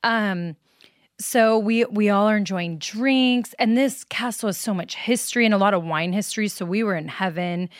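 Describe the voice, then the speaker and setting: A woman's voice: mid-range voice, normal speed, dry recording, studio quality. A woman in her thirties, a podcast guest, telling a personal story in casual chat and acting out the quotes. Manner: animated storyteller, acts out quotes, laughs often.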